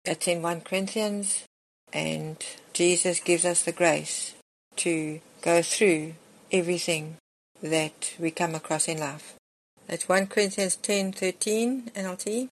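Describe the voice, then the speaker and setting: Earnest woman preaching, lower voice. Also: steady tone, slow. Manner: earnest, reads scripture aloud with emphasis. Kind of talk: sermon.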